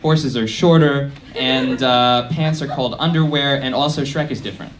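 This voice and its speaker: A young man doing a stand-up set at a college venue, deadpan and self-deprecating, with lots of fillers. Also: mid-range voice, normal speed, a little hiss or hum. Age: young adult. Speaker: stand-up comedian. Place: college performance space.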